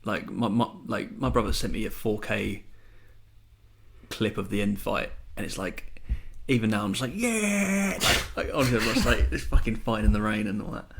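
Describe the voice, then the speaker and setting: A man's voice: fairly low pitch, steady tone, brisk, vocal fry, a bit bright, slight background noise. A young man co-hosting a podcast, rambling and swearing in casual chat. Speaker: podcast co-host.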